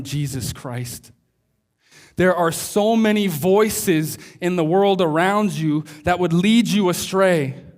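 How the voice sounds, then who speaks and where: High-voiced male preacher telling a story. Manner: storytelling, slowing down for emphasis. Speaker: pastor. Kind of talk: sermon.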